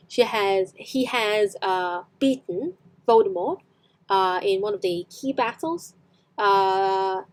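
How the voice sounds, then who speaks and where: A young woman whose first language is Cantonese, teaching English on a live stream and repeating lines slowly for practice. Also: medium pitch.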